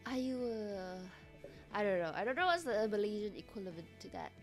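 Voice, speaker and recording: A young woman streamer chatting casually with her viewers, reacting loudly and animatedly to chat comments. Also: medium pitch, big pitch swings, fast, soft background music.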